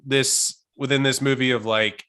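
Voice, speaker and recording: A man's voice: mid-range voice, fairly even intonation, normal speed, bright, forceful tone, clean tone. A young man co-hosting a casual podcast, telling long rambling stories and laughing often. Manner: rambling storyteller, laughs a lot. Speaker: podcast host.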